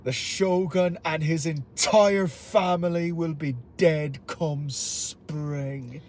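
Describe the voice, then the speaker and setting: A man putting on an Irish accent to play a menacing male arms dealer who speaks in slow, deliberate threats, inside a car. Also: on the high side, fairly even intonation, a little mellow. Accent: Irish (put on). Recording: road noise in a car.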